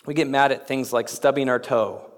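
A man preaching a sermon as pastor, with dramatic delivery that rises to emphatic peaks and drops low. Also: fairly even intonation, normal speed, big-room sound.

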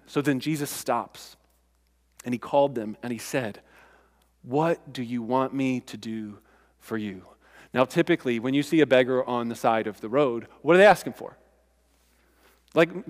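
A man's voice: medium pitch, normal speed, clean tone, big-room sound. A man preaching a sermon as pastor, conversational and emphatic, with casual asides to the congregation.

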